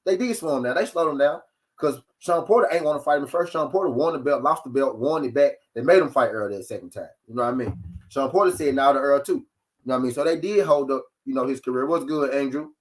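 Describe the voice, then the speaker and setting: A man hosting a live-streamed boxing talk show, ranting in an animated, profane and mocking way. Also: medium pitch, fast. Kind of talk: live-streamed sports commentary rant.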